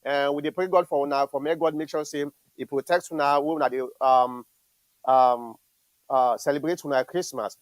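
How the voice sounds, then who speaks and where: A man hosting an online show, talking in a halting way full of fillers and restarts. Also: a little high, steady tone, dry recording, low-quality recording. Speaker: show host.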